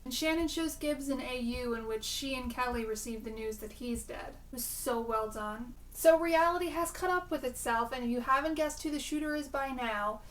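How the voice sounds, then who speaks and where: A chatty young woman running through a TV episode review, sarcastic and excitable by turns. Her voice is high and bright, picked up a little away from the mic. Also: normal speed, hardly any pauses, distant mic, slight background noise. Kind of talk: casual video review.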